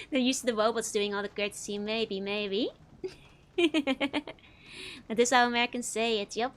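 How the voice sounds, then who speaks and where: A woman's voice: a little high, sing-song, unhurried, long pauses. A woman streaming a game and chatting casually, giggling often as she comments. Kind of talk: casual let's-play commentary.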